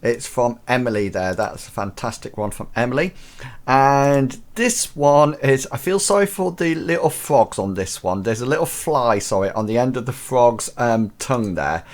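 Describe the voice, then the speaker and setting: A man's voice: mid-range voice, expressive, normal speed. Male host, chatty and upbeat, mid-range voice, casual live-show commentary. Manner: chatty, enthusiastic, full of fillers and restarts.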